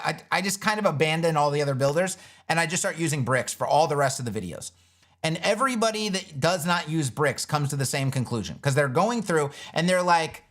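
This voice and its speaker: A man answers viewer questions on a casual livestream in an animated, emphatic way. His voice sits fairly high, and he swears casually. He slips into quick mock voices of frustrated users as he goes. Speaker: web design educator and livestream host.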